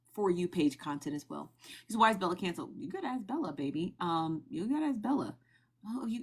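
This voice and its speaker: A young woman on a phone livestream, casually recapping online gossip in a chatty, animated way and asking her viewers questions. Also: fairly high pitch. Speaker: TikTok live streamer sharing gossip news.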